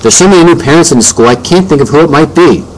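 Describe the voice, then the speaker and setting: A man voicing a worried, gossipy suburban mother in an audiobook reading, in a higher, anxious voice. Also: lively intonation, quick pace, slight background noise, close to an everyday voice, poor audio. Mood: concerned. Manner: anxious and fussy.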